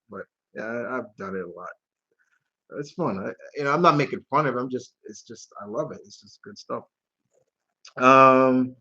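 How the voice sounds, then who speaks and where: A man's voice: mid-range voice, a bit bright, muffled recording. A man hosting a live question-and-answer stream, chatting casually and rambling, with free swearing. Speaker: channel host.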